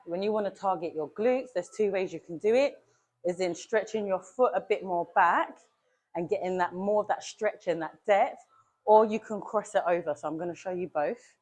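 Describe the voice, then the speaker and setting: Lower-voiced woman coaching a workout. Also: a little mellow. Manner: direct, coaching, talks to viewers as "you lot". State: a bit out of breath. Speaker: fitness coach. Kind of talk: casual workout demonstration. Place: gym.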